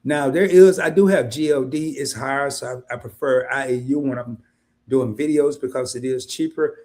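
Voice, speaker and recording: A man's voice: moderate pace, a little mellow. A man hosting an investing livestream in a casual, colloquial way, addressing viewers directly as "y'all". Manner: mimics worried investors in high voice.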